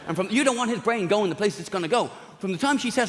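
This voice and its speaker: A man doing a stand-up routine, telling a story that spirals out fast. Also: high voice, lively intonation, slight background noise. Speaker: stand-up comedian. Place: large theatre stage. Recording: echoey theatre with long reverb.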